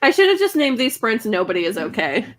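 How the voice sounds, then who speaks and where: Wry American woman, lively voice. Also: on the high side, brisk. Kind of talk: casual chat on a video call.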